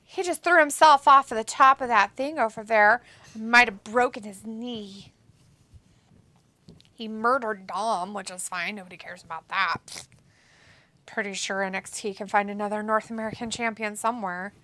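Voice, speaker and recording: A woman hosting a wrestling watch-along, commenting excitedly and joking as she mimics the wrestlers. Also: mid-range voice, normal speed, no room sound. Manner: excitable, jokey, mimics wrestlers in silly voices.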